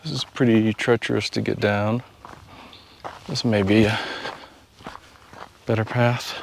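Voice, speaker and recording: A man narrating a casual outdoor travel vlog, joking to himself while he explores a lake and drives a rough road. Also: lowish voice, little pitch movement, a little slow, slight background noise. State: out of breath at altitude. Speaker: travel vlogger. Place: outdoors by a mountain lake and in a vehicle.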